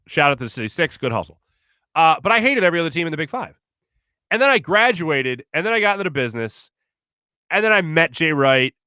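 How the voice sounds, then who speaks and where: Animated, bright-voiced sports talk host. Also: male voice, a little high, dry recording, clean studio sound. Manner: animated, rambling, self-correcting. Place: radio studio.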